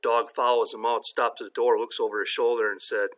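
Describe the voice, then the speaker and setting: A man hosting a weekly dad joke video, telling a joke in a casual, lively way with fillers. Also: medium pitch, a little fast.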